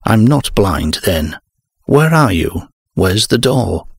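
A man reading the part of a frantic adult male scholar who shouts urgently in an audiobook. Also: on the low side, takes it slowly, vocal fry, dry recording, studio quality, full character voice.

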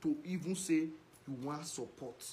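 A man's voice: a little high, moderate pace, dark tone, a little hiss or hum. A man with a Nigerian Pidgin accent delivering a ranting video message, scolding and insulting someone over and over. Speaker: social media commentator.

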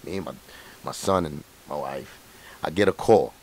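A man, a guest on a radio show, telling a candid story in a profane, animated street-talk manner. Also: a bass voice, moderate pace.

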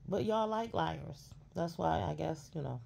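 A woman's voice: sits low, a little slow, creaky, darkish tone, slight background noise. A woman delivering a blunt, sassy, profane rant as a commentary streamer, scolding her subject.

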